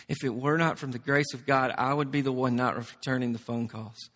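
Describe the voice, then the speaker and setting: A man preaching a sermon as pastor, shifting from soft, intimate stretches to loud, emphatic ones. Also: mid-range voice, steady tone, fairly quick, few pauses. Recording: long reverb of a large hall.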